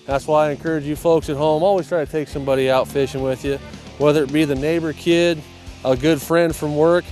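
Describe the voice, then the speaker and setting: Male fishing host, folksy and excitable, slightly high voice, soft music under him. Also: a little fast. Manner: folksy, addresses viewers as folks and guys, bursts into excited exclamations. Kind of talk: outdoor fishing instruction and excited on-water chat. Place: on a boat on a reservoir, outdoors.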